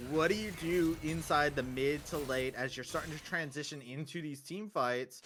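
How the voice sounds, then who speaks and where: A man casting a live esports match with play-by-play commentary that rises loudly on big plays. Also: on the high side, moderate pace, slight background noise. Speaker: esports caster.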